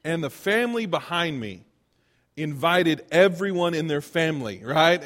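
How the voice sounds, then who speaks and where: High-voiced man telling stand-up stories. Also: unhurried. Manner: animated, self-deprecating anecdotes with acted-out quotes. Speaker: comedian. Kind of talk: stand-up storytelling. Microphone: handheld microphone. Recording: long hall reverb.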